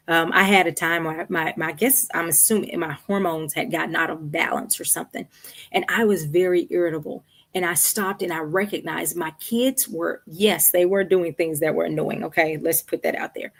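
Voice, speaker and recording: A middle-aged woman with a lowish voice, speaking as a counselor on a livestream Q&A. She talks conversationally and keeps checking in with her listeners. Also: fairly even intonation, moderate pace, creaky. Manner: conversational, checks in with "right?" and "okay". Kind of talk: live-streamed Q&A advice. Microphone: streaming setup.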